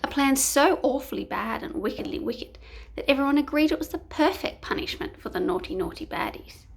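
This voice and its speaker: Slow playful woman reading a picture book. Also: on the high side, creaky, husky. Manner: playful, dropping to whispers. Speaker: storyteller.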